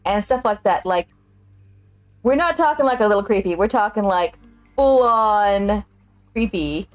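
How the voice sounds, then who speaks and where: A woman's voice: mid-range voice, lively intonation, measured pace, pauses often, no room sound, soft background music. A woman, telling a story in casual chat as a streamer and laughing often.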